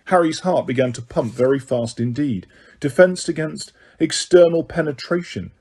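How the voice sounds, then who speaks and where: A man narrating an audiobook in a steady, even storytelling voice. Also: fairly high pitch, moderate pace, slightly rough. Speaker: audiobook reader.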